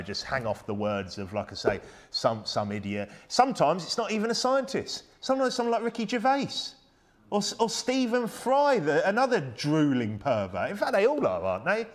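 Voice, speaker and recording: A man's voice: medium pitch, lively intonation, fairly quick. A British man preaching a sermon in an emphatic, conversational way, full of rhetorical questions. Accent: British English. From United Kingdom.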